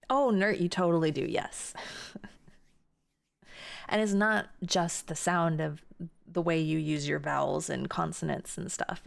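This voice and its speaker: An American woman streaming from home, chatting casually with her chat in a rambling way, with quick laughs and frequent restarts. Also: sits low, vocal fry.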